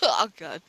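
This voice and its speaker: Woman gamer, excitable and giggly, high lively voice, unhurried delivery. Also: low-quality recording. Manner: excitable, yelling taunts, giggly. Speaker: gamer recording gameplay. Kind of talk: casual gameplay commentary.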